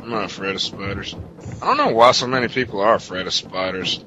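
A man's voice: on the low side, fast talker, bright, forceful tone, dull audio, faint music behind. A man hosting a casual podcast chat, rambling goofily and swearing. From United States. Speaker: podcast host.

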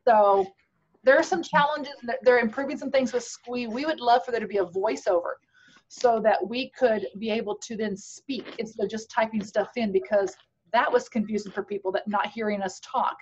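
A woman's voice: a little high, normal speed, darkish tone, slight background noise. A woman on a casual video call, explaining things at length with enthusiasm and restarts. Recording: dull lo-fi video call audio.

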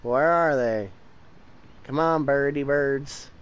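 A man's voice: medium pitch, slow, clear, resonant tone, low-quality recording. A young man hosting a let's-play channel, giving casual commentary as he plays. He is tired and yawning, and he grows impatient, talking back to the game. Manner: frustrated, impatient, talks to the game. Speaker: gameplay channel host.

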